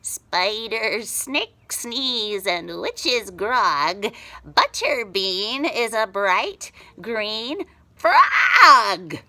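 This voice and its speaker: A cackling, squawking old witch from a storybook, high and shrill. Her voice leaps about wildly and sounds sharp and bright. She chants her spells and commands in a slow, drawn-out way. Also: sing-song, vocal fry, no echo, heavily acted. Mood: hissing spell.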